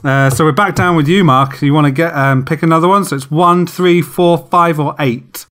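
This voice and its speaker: A man's voice: fairly high pitch, steady tone, normal speed, a bit bright, clean tone. A man hosting a casual quiz among friends, playful and often laughing. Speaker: quizmaster.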